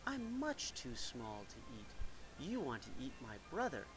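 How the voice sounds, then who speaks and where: A man's voice: wildly swooping pitch, music in the background, low-quality recording. A man voicing a small young male billy goat in a storybook, pleading in a raised voice. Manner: pleading, high and slow.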